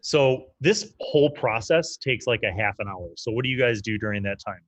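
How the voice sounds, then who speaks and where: A man's voice: mid-range voice, normal speed, dry recording, muffled recording. Chill guy narrating a d&d game, dry close sound, rambly and casual. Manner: casual, loose, lots of "like" fillers. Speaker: game master.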